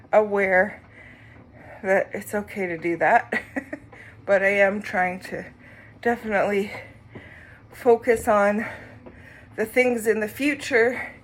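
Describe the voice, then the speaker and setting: A woman sharing her recovery in a casual vlog, short of breath as she rides an exercise bike, speaking reflectively with pauses. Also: medium pitch. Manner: slow, reflective, with pauses and soft laughs.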